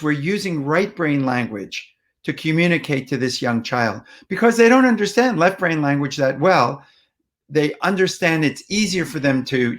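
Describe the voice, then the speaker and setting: A man giving a patient, plainspoken explanatory talk on how to speak with upset people and toddlers, often pausing with ums and restarting phrases. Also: medium pitch, fairly bright tone. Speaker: parenting communication speaker.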